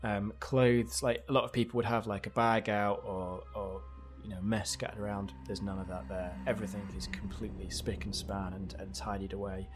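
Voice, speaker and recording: A man's voice: fairly low pitch, level tone, moderate pace, hardly any pauses, over music. A man running a tabletop game as game master, rambling with many fillers and restarts.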